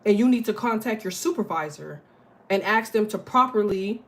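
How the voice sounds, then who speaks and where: A woman's voice: mid-range voice, expressive, moderate pace. A woman giving a casual astrology and tarot reading, talking bluntly and profanely, rambling with lots of fillers.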